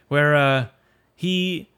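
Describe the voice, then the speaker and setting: A man's voice: fairly high pitch, very slow, pushed and bright, clean tone. A man co-hosting a casual movie podcast, rambling and self-correcting with frequent laughs. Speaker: podcast co-host.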